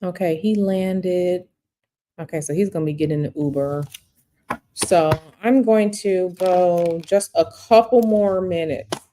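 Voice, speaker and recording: This tarot reader on a live stream has a fairly low, dark-toned voice and speaks a little slowly over slight background noise. Reading out viewer questions, she replies directly in a conversational way, repeating phrases to stress them.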